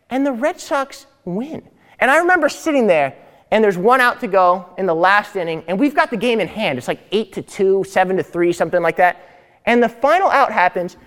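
A young man telling a long personal story in a lecture, animated and conversational, often checking in with his listeners. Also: sits high, long reverb tail. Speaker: teacher.

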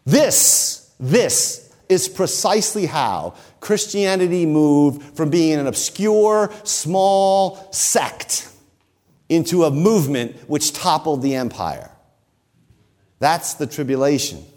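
A man preaching a sermon, who slows down and stresses key phrases. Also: on the high side, very animated, a little mellow. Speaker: pastor.

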